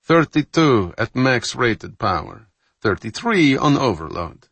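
A man voicing a submarine engineer who calls out readings in a crisp reporting tone. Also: mid-range voice, very animated, a little slow, a bit bright, no echo, pitched above the performer's own voice, full character voice. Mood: alert.

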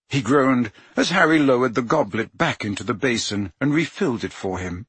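A man narrating an audiobook in an expressive, unhurried way, acting out the characters' voices. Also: lowish voice, husky, dry recording. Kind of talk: dramatic audiobook reading.

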